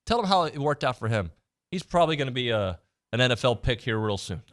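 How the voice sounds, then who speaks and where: A man's voice: medium pitch, very animated, quick pace, fairly bright tone. A man hosting a sports radio show, bantering and teasing his co-hosts in casual chat from the studio.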